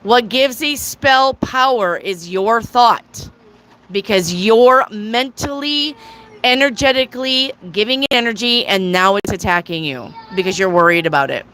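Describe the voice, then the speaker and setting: Female tarot reader, live-stream host, blunt and casual with swearing, bright, forceful voice. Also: on the high side, a little slow, poor audio. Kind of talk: live tarot reading with chat questions.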